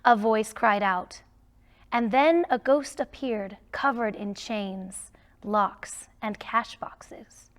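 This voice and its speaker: Woman reading a storybook slowly. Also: medium pitch. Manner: slow, expressive, emphatic reading. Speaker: storybook reader. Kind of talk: children's storybook read-aloud.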